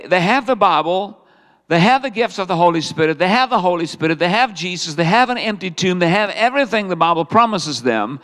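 A man delivers a sermon in a high voice that leaps up and down with energy. He jokes and fires rhetorical questions at the congregation. The church hall gives his words a long, echoing tail. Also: fairly bright tone. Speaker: preacher.

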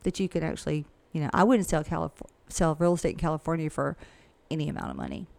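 A woman speaking in a lowish voice with a gravelly edge, chatty and frank, with plenty of asides. She sounds like a real estate coach talking shop in a relaxed interview. The sound is dry and close. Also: quick pace, no room sound. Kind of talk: casual conversational interview.

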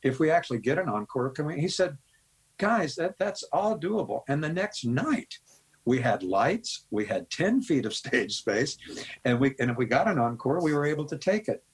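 A man's voice: mid-range voice, big pitch swings, moderate pace, husky, low-quality recording. An older man from the American Midwest, a guest musician rambling through anecdotes full of quoted dialogue. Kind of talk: storytelling interview.

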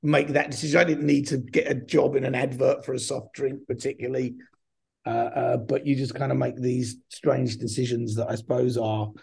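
A man's voice: mid-range voice, little pitch movement, moderate pace, vocal fry, a little mellow, slightly rough. A middle-aged man, a film director guest, talking in a rambling, hesitant way. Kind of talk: casual interview chat.

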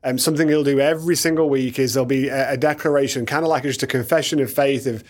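A man hosting a casual studio conversation, relaxed and rambling with many fillers. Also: mid-range voice, quick pace. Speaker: podcast host. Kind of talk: casual chat.

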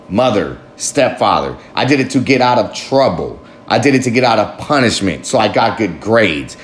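A man's voice: on the low side, a little hiss or hum. A man talking candidly to camera in a rambling, self-reflective monologue, swearing freely and often laughing at himself. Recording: roomy echo with faint ambience.

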